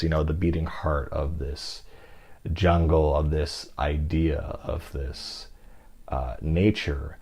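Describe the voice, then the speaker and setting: A man's voice: a bass voice, dark tone. A man casually discussing a classic novel in a rambling, reflective way, with many fillers and restarts. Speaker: book discussion host.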